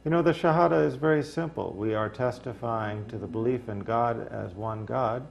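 A man speaking as an interview guest, reflective and unhurried, with dry humor and frequent fillers. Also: mid-range voice, vocal fry, dull audio, slight background noise. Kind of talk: casual interview talk.

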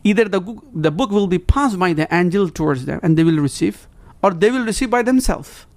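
Fast-talking man explaining scripture. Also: high-pitched, expressive, darkish tone. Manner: earnest, broken English with quoted Arabic recitation. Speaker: guest religious scholar. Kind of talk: explaining in conversation.

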